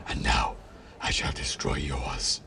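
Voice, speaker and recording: A man's voice: takes it slowly, a crowd in the background, lightly acted. A man voicing a vengeful, grotesque giant mouse king with a sneering, menacing delivery in a storybook reading.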